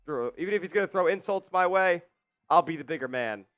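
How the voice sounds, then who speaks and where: A man's voice: a little high, animated, fairly quick, a bit bright, no echo, muffled recording. A man co-hosting a live sports stream, joking around and reading viewer comments aloud. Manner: jokey, reads chat messages aloud. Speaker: stream co-host. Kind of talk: casual live stream chat.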